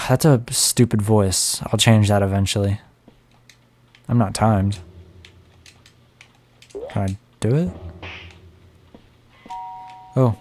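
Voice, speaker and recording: A young man streams a game with music playing behind him, chatting and joking to himself as he goes. His voice is fairly low and a little mellow, with fairly even intonation. He speaks slowly and leaves long pauses.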